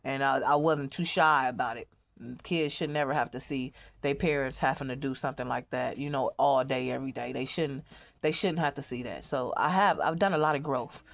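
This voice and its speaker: A woman's voice: very deep voice, fairly quick, creaky. A woman speaking in a rambling, profane monologue as a mother telling her own story, often repeating herself. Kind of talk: emotional monologue to camera.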